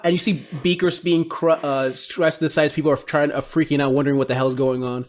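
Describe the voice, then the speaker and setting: Man narrating as game master. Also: a little high. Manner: descriptive storytelling with quick asides.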